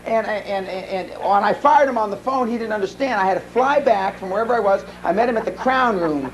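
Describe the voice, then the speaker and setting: A man's voice: high-pitched, fairly quick, slight background noise, low-quality recording. A man giving a live seminar talk, telling blunt, profane stories full of restarts. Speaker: seminar speaker. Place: seminar room.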